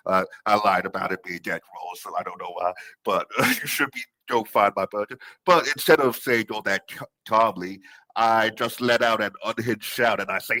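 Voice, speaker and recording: A man's voice: lowish voice, moderate pace, sharp tone, dry recording. A young man calling in to tell a rambling work story, laughing often as he talks. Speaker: caller. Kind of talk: casual storytelling.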